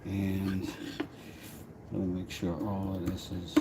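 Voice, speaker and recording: A man's voice: sits low, completely flat delivery, slow pace. A man streaming live and chatting casually while doing woodwork, joking and talking to himself as he goes. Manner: jokey, talks to himself while working. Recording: noisy background ambience.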